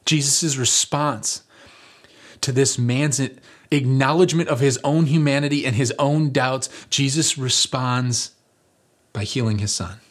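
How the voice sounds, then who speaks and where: Husky-voiced male pastor preaching. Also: medium pitch, a little slow. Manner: earnest, building to emphatic peaks, with light humor. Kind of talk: conversational sermon.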